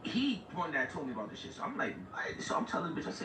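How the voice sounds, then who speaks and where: A man's voice: fairly high pitch, very animated, fast, hardly any pauses. A man on a livestream telling a long story in casual street slang, full of "like" and "right?". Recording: far-off echoey lo-fi mic with noise.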